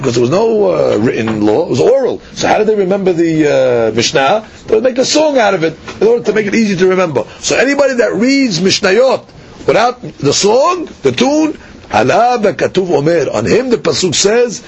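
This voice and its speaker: High lively gravelly male Talmud teacher. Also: fairly quick. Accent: Sephardic Hebrew pronunciation. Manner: explains Aramaic phrases line by line, with frequent fillers and repeats. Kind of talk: daily Talmud class. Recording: dull lo-fi podcast audio with faint rumble.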